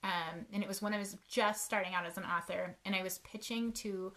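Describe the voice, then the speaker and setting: A woman author in her thirties co-hosts a casual chat, telling self-deprecating stories and laughing often. Her medium-pitched voice is steady, brisk, pushed and bright.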